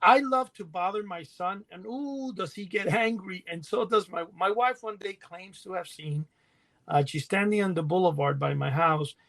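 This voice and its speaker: A middle-aged man co-hosting a podcast, telling rambling stories in a casual, animated way and laughing as he goes. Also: sits high, moderate pace, creaky. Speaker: podcast co-host. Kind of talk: casual storytelling chat.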